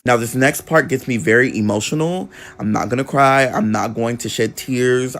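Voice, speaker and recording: A man's voice: mid-range voice, normal speed, fairly bright tone. A man telling a personal story in a casual vlog, candid and conversational with frequent swearing.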